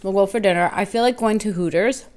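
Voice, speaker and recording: A woman talking casually into the camera during an eating show, telling a story in a loose, rambling way. She quotes herself and others as she goes and keeps a relaxed, chatty flow. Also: medium pitch, fast. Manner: chatty filler-heavy talk with restarts. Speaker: mukbang vlogger.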